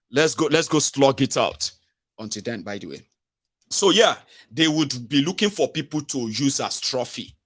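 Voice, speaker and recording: A man's voice: mid-range voice, fairly bright tone. A man with a Nigerian accent hosting a live-stream political commentary, talking in a mocking way and slipping into pidgin. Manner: mocking, acts out quoted voices, mixes in pidgin. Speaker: host.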